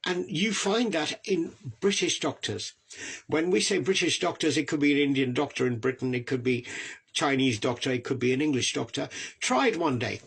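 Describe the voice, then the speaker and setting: A man's voice: on the high side, moderate pace, gravelly, fairly bright tone, husky. A man joining a discussion, putting forward his opinions in a conversational way. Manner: opinionated, making points.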